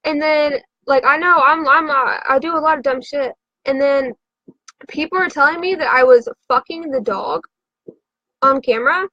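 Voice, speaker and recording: High-voiced, rambling, foul-mouthed woman. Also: normal speed, pushed and bright, no echo, muffled recording. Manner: profane, rambling, frantic storytelling. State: drinking. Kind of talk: rambling confessional chat.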